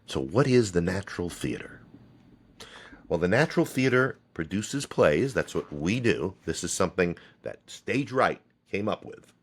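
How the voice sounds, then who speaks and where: A man's voice: sits low, sing-song, moderate pace. A man from the United States who heads a theater company, hosting a solo podcast. He rambles, pokes fun at himself and drops sarcastic asides.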